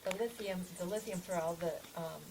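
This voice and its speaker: A woman's voice: on the low side, normal speed, dark tone. A woman guest on a podcast who speaks hesitantly, often restarting her sentences. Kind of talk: casual podcast chat. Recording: noisy background.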